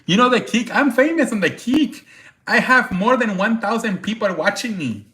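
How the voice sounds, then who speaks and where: A man's voice: sits high, animated, moderate pace, pushed and bright, pitched above the performer's own voice. A man putting on a Turkish-accented streamer guy. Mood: boastful. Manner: broken grammar, boastful and apologetic by turns. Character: brash broken-English male streamer friend.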